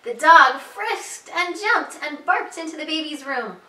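Reading picture books to little kids, this preschool teacher's high, bright voice rises and falls in a slow, sing-song way with lively intonation and lots of pitch jumps. The recording catches her from a distance in a reverberant room.

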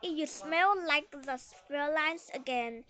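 A woman's voice: high-pitched, takes it slowly, pushed and bright, exaggerated voice. A woman voicing an emphatic father dog in a children's storybook reading. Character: gruff, eager father dog.

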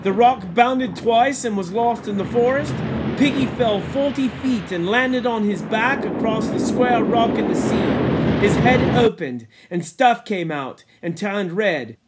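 A man reading a novel aloud in a measured way, sinking low and quiet at grim moments. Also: animated, heavy background noise. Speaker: reader.

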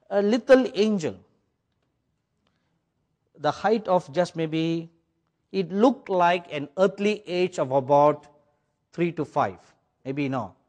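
Preaching in English, an Indian man speaks with an accent shaped by British English. He narrates his story with drama, shifting between booming lines and hushed near-whispers, in a voice pitched a bit high for a man.

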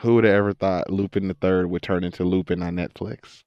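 Animated, laughing male actor, fairly low voice. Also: fairly quick, dry recording, highs cut off. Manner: animated storyteller, laughs often, jumps into quoted voices. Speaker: actor and voice actor, podcast guest. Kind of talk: casual interview chat.

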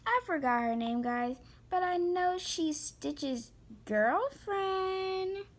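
A woman giving excitable, gushing commentary to her viewers while shopping in a game. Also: very high-pitched, slow. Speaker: gaming vlogger.

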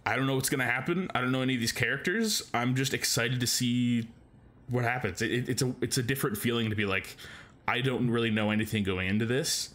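A man's voice: mid-range voice, fast, a bit bright. A man co-hosting a podcast in casual chat, rambling enthusiastically with lots of filler words. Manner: enthusiastic fan. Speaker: podcast co-host.

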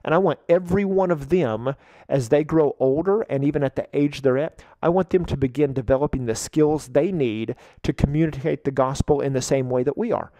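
A man who trains children's ministry volunteers, explaining in a relaxed, conversational way and now and then acting out what he says to the kids. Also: on the high side, a little fast, no room sound, rough recording. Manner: conversational, acts out kids' church lines with a lively raised voice. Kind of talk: instructional talk.

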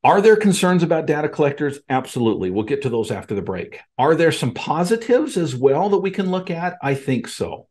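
Very animated and brisk with few pauses, his voice sits on the high side with a darkish tone. He's a podcast host speaking from his home office in an emphatic monologue, talking straight to listeners as folks and friends.

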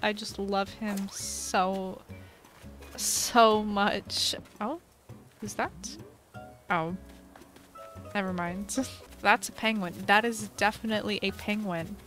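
A woman chatting casually to her viewers while playing a game, excitable and chatty. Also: fairly high pitch. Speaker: gaming streamer. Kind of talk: casual gameplay commentary.

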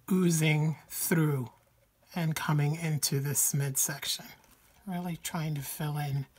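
A woman hosting a craft tutorial, slightly hoarse from a cold, explaining each step slowly and carefully. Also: low-pitched, a little mellow.

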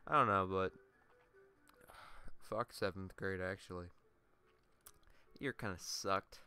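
A man's voice: sits low, slow, bright, forceful tone, clear, resonant tone. Rambling, foul-mouthed young male gamer. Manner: rambling, profane, laughing asides. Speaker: let's play gamer. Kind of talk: casual gameplay commentary.

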